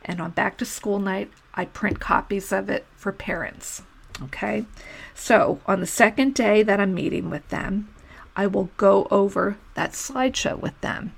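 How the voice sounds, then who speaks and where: Frank woman teacher with a gravelly edge. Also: medium pitch, measured pace. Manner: frank, matter-of-fact, conversational with asides. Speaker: teacher and podcast host. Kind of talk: solo podcast advice talk.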